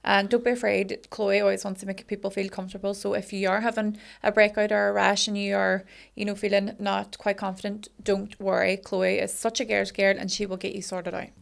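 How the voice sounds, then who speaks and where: A woman with a Northern Irish accent co-hosting a podcast, reading a sponsor spot and teasing her co-host in a brisk way. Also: medium pitch, flat delivery, vocal fry. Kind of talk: casual chat, reading an ad.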